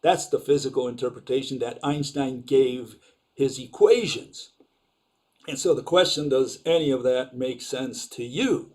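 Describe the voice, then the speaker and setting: A man's voice: mid-range voice, measured pace, darkish tone. A man giving an informal, sarcastic lecture over slides, questioning ideas and using lots of fillers.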